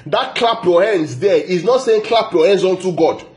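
With a high, darkish voice and lively intonation at a normal pace, a man preaches a teaching sermon as pastor. His delivery is emphatic and repetitive, punctuated by "yeah?" to the congregation.

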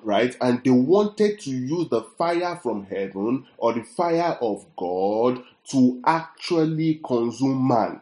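A man preaching a sermon, reading scripture slowly and checking in with his listeners through rhetorical questions. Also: mid-range voice, very animated, mellow, reverberant. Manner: reads scripture aloud slowly.

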